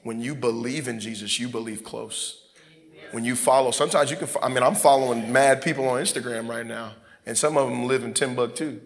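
A pastor telling a story in a loose, conversational sermon, full of fillers and asides. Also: male voice, medium pitch, steady tone, fairly quick. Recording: long hall reverb.

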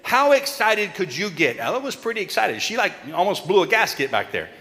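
A man giving a lively children's sermon, coaxing and calling out to the kids in a church. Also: high voice, brisk. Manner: animated, coaxing, calls out to the kids. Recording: long reverb in a large hall, faint crowd.

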